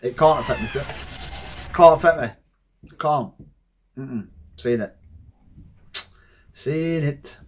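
A man in his thirties hosting a reaction video, talking in an excitable, heavily profane casual way. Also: a little high, slow pace, long pauses, slight background noise. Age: 30s.

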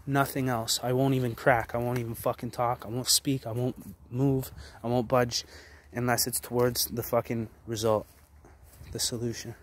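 A fiery, profane young man in his twenties, a vlogger, delivers an intense motivational rant. His medium-pitched voice is flat and moderately paced, and he's blunt and forceful, restarting repeatedly.

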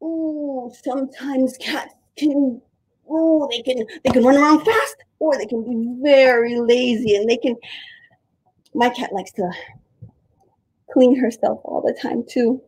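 A young woman runs a creative drama warm-up for small children, sounding animated and sing-song and throwing in playful animal noises. Her voice is high and slightly rough, she keeps a measured pace, and the audio quality is poor.

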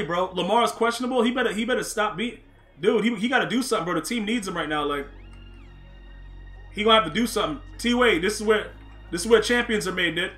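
A man's voice: high-pitched, quick pace, a bit bright, soft background music. A young man live-streaming a football video game, reacting to chat and play, often repeating himself. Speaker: gaming streamer.

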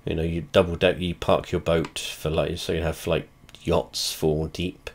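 This man has a deep voice, a flat delivery and a measured pace. As a video creator commenting over a flight simulator, he rambles, swears a great deal and chats bluntly, repeatedly trailing off and picking back up.

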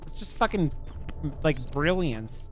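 Speaking slowly with big pitch swings, a little high, this let's play streamer offers casual commentary on a horror game over faint music. He jokes crudely, swears a lot, and reads the in-game notes aloud.

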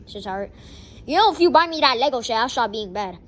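Woman doing naughty scheming plushie boy, wheedling, high voice, lively swings in pitch, homemade toy skit. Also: fairly quick, a little hiss or hum, natural voice. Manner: wheedling, bargaining.

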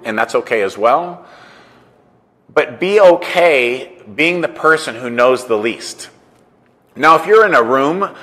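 Male entrepreneur, conversational storyteller, bright forceful tone, long reverberant sound. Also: mid-range voice. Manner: conversational, repeats "I said", acts out quoted dialogue. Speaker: entrepreneur and coach. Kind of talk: casual storytelling monologue.

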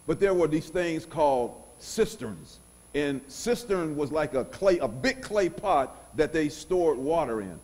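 A middle-aged male pastor preaching a sermon in a church. His voice rides a lively, animated pitch that sits slightly high for a man, and he drops to near-quiet asides before rising to loud bursts. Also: unhurried.

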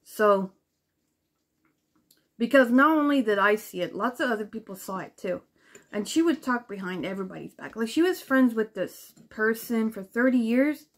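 A woman vlogging to camera, telling a story in a rambling, profane way, full of "like" fillers and animated indignation. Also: a little high, moderate pace. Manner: animated and indignant while retelling.

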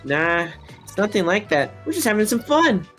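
A woman's voice: mid-range voice, sing-song, moderate pace, a bit bright, faint music behind. A woman voicing a laid-back jokey teen boy. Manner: laid-back and jokey, swears when rattled. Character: cocky goofy teenage boy. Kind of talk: live fan dub.

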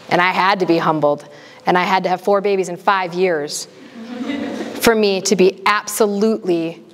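A woman in her thirties giving a candid talk and answering audience questions. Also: fairly low pitch. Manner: earnest, candid, quick bursts. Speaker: guest speaker. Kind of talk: casual Q&A talk. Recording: long hall reverb.

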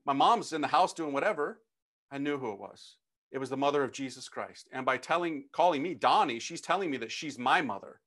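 A man who is a priest, from the United States, telling his own testimony to an audience in an animated, slangy, emphatic way. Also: mid-range voice, fairly quick. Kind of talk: personal testimony talk to an audience.

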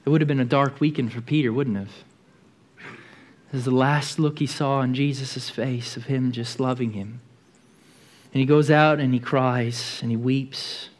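A man's voice: medium pitch, fairly even intonation, normal speed. A man preaching a sermon in a church, telling the story vividly and often repeating words as he goes.

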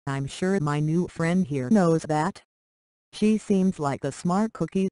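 A text-to-speech voice reading the lines of a cocky, teasing teenage boy in a flat, unacted delivery. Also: medium pitch, slow, close to an everyday voice. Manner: teasing, self-assured.

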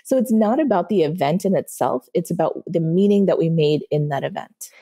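A fairly quick, husky woman's voice sitting on the low side. She's a manifestation coach appearing as a podcast interview guest, telling stories animatedly and often checking in with "right?".

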